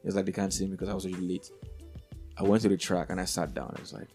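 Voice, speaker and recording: A man's voice: low-pitched, little pitch movement, racing, darkish tone, soft background music. A man co-hosting a casual podcast among friends, telling a story in an earnest, rambling way with many restarts. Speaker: podcast co-host.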